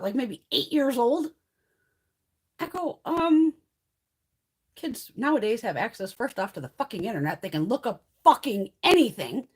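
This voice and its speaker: A woman hosting a casual livestream chat, ranting heatedly and swearing freely. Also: high-pitched. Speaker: beauty vlogger hosting a livestream.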